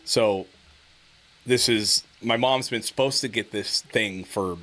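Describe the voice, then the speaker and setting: A man's voice: on the low side, takes it slowly, fairly bright tone. Laughing, cussing podcast guy. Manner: profane, laughs a lot while telling stories. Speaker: podcast co-host. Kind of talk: casual chat.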